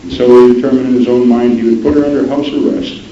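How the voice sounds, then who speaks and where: A man telling a dramatic historical story in a measured way, often dropping low and soft for emphasis. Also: fairly even intonation. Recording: roomy, dull lo-fi sound with faint noise.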